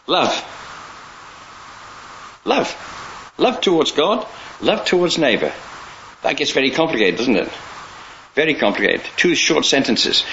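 A man with a bright, forceful, fairly high voice preaches a loose, conversational sermon, circling back on his words and chuckling as he goes. The recording is dull and lo-fi, with a faint hiss underneath. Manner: rambling, conversational, with restarts and chuckles.

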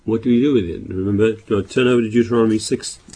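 A male preacher with a low, mellow voice and a slightly husky edge. He gives a sermon, raising his voice to read scripture and then dropping back to explain it with halting restarts. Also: steady tone. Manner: reads scripture aloud louder, with halting restarts.

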